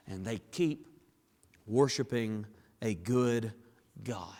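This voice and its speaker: A man preaching a sermon in a church, dropping to hushed tones and building to raised, emphatic climaxes. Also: medium pitch, animated, unhurried. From Southern US. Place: church sanctuary. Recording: long reverb of a large hall.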